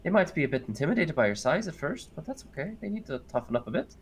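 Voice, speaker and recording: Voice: medium pitch, big pitch swings, quick pace, slight background noise. A game master voicing a motherly, joking woman cook in a put-on Scottish accent, rambling with fillers. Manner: chatty, teasing, many fillers and self-corrections. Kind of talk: tabletop role-play.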